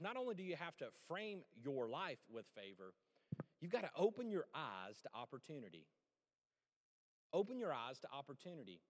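A man preaching a sermon as pastor, animated and conversational, with joking asides to the congregation. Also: fairly high pitch, a little fast, long reverb tail.

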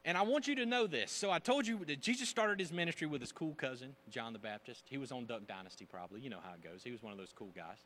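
A man preaching a sermon as pastor, emphatic, swinging between loud bursts and hushed asides. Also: medium pitch, expressive, quick pace, hardly any pauses.

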